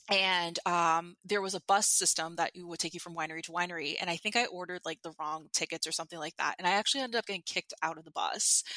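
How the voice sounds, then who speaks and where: A woman's voice: on the low side, sharp tone, no echo. A woman telling a personal story as a podcast guest, chatty, with many fillers and restarts. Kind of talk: candid storytelling.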